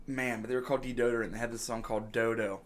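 A man's voice: mid-range voice, flat delivery, very fast. A man co-hosting a casual podcast chat, rambling, laughing often and trailing off mid-sentence. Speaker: podcast co-host.

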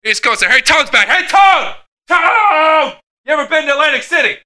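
Hyper, profane Santa Claus, played by a man, high and very bright, rambling and stammering through an improvised sketch. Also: lively intonation, fast talker, exaggerated voice. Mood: manic. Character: wired, foul-mouthed, sleepless Santa Claus man.

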